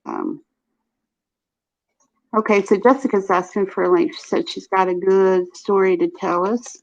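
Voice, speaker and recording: A woman's voice: mid-range voice, sing-song, unhurried, creaky. Chatty Southern woman hosting a stream. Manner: chatty, laughs often, many fillers. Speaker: live stream host. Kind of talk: casual live stream chat. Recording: dull lo-fi stream audio.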